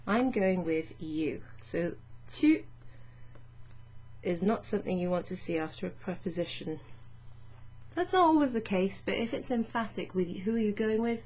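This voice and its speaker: A woman teaching French grammar in a patient, chatty way, reading French phrases slowly and explaining them. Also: mid-range voice, lively intonation, darkish tone. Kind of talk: casual explanatory lesson.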